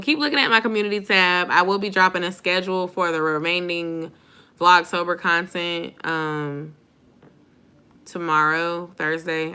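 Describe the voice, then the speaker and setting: Sleepy and yawning, a young woman on a late YouTube live stream talks informally with her viewers and calls them y'all. Her lowish voice has a bright, forceful, clean tone.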